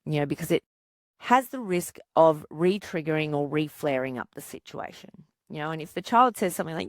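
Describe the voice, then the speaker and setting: A woman psychologist hosting a podcast, calmly coaching parents and asking rhetorical questions. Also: low voice, brisk, no echo, clean studio sound. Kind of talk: podcast monologue giving parenting advice.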